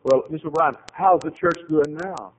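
A man's voice: on the high side, moderate pace, a little hiss or hum, pitched above the performer's own voice, lightly acted, low-quality recording. A man voicing an eager male visitor asking one insistent question after another.

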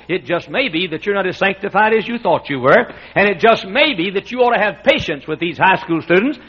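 Male pastor mid-sermon, lively pitch, breathy edge, lo-fi church tape. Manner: emphatic preaching with frequent laughter from the room. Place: church sanctuary. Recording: muffled lo-fi sermon recording.

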